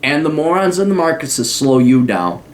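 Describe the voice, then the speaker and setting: A man's voice: a little high, sing-song, normal speed. A man hosting an advice podcast, talking bluntly and profanely in a ranting monologue with sarcastic, mocking asides. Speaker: podcast host.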